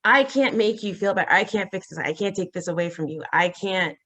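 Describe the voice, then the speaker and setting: A woman's voice: medium pitch, fairly quick, bright, forceful tone. A woman quoting her worried mother, pleading and helpless.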